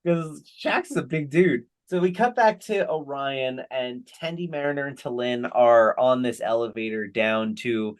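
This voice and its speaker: A man's voice: medium pitch, a little slow, few pauses. A man co-hosting a podcast, casually recapping an episode with jokes and frequent laughter. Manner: jokey, laughing often. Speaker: podcast co-host.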